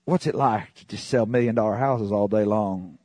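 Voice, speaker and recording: A male preacher with a husky, slightly rough voice delivers a sermon, his pitch often leaping up into excited, high exclamations. The sound is dry and close, with almost no room around it. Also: normal speed, no room sound.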